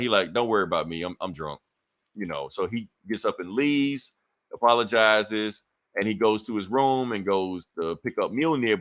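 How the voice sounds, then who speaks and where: A man in a relaxed podcast chat recaps a comic book plot in a loose, animated way. He swears freely and slips into quick voices for the characters as he tells it. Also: medium pitch. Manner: animated storytelling, acting out characters' lines, profane. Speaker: podcast co-host.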